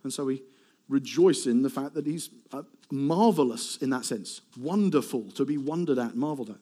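A middle-aged male preacher giving a sermon, animated, asking rhetorical questions and swinging between loud emphasis and soft asides. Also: mid-range voice, normal speed, husky.

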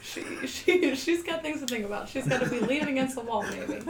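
A woman's voice: high-pitched, expressive, fairly quick, background noise. A woman co-hosting a podcast in casual chat, giggly and rambling as she draws out her words. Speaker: podcast co-host.

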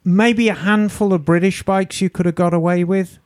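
A man hosting a podcast, asking a guest measured, thoughtful questions. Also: sits high, steady tone, a little mellow, no room sound, clean studio sound. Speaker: podcast host. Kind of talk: casual podcast interview.

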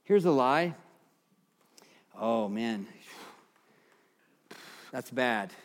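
A man's voice: on the high side, slow pace, pauses often. A man preaching a sermon as pastor, building with passion and emphasis on key phrases.

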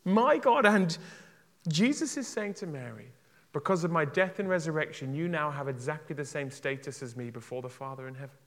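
A man preaching with passion in a church, his fairly high voice trailing off into a long hall reverb. He swings from loud, urgent calls to hushed, tender pleading. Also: expressive, fairly quick. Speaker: pastor. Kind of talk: sermon.

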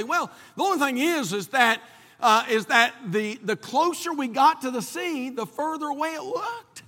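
A man's voice: very high voice, lively intonation, moderate pace, sharp tone, big-room sound. A man from North Carolina, preaching a sermon and telling a folksy personal story with many restarts. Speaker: pastor.

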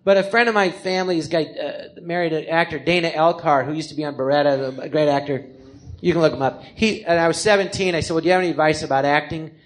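A man in his fifties with an American accent, telling his life story on stage as a comedian, animated and acting out the people he quotes. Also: fairly high pitch, fast talker. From Los Angeles, California. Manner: animated, acts out quoted people in different voices. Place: live theatre stage before an audience.

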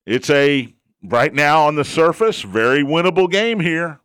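A man's voice: a little high, expressive, a little slow, a bit bright, smooth, dry recording, studio quality. A man hosting a sports talk show, chatting in an opinionated way and repeating his points for emphasis. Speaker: sports radio host.

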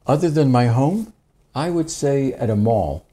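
A man's voice: mid-range voice, animated, measured pace, mellow, slightly rough. A man with an American accent, a rabbi being interviewed, telling stories with wry, self-deprecating humor in a casual conversation. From United States.

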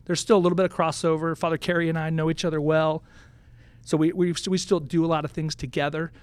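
Priest guest, man, slightly high, earnest and measured, dry close mic. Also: flat delivery, smooth, no echo. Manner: measured, earnest, lightly joking. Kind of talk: conversational podcast interview.

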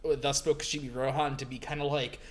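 A man in casual conversation, animated and quick to laugh, with a self-deprecating streak. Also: mid-range voice. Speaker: podcast co-host. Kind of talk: casual chat about manga.

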